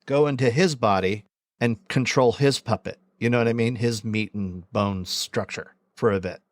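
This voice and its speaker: A man's voice: medium pitch, normal speed, no echo, clean studio sound. Rambling man musing on a podcast. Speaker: podcast co-host. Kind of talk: casual chat.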